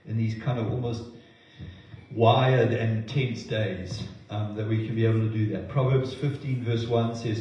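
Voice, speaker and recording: A man preaching a sermon in an earnest way, often repeating words as he goes and acting out quotes with lively voices. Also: on the low side. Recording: very echoey, slightly dull sound.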